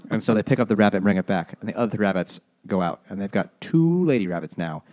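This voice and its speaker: Low-voiced man, casual podcast chat, crude jokes, storytelling. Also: lively intonation, fast, a little mellow. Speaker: podcast host.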